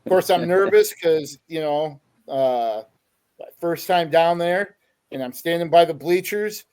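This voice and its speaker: A man's voice: fairly high pitch, unhurried, a little mellow, clean tone. A man hosting a sports podcast, telling stories in a chatty way with lots of fillers. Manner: chatty storyteller with many fillers. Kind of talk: casual podcast interview.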